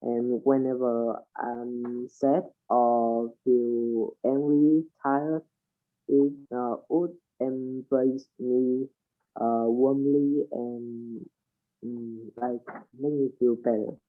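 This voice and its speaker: A man answers a test prompt very slowly, stopping often to search for words. His voice arrives as thin, phone-like call audio. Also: medium pitch, flat delivery, soft background music. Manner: hesitant, many pauses and uh fillers. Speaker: student. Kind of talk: answering a speaking test question.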